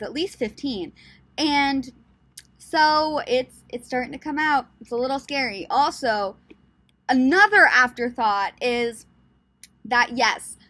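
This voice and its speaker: A young woman chats on in a casual travel vlog, thinking aloud as she goes, with a light Southern US accent slipping into her words. Her voice sits a little high and sounds bright and forceful. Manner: chatty and rambling, thinking aloud. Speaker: travel vlogger.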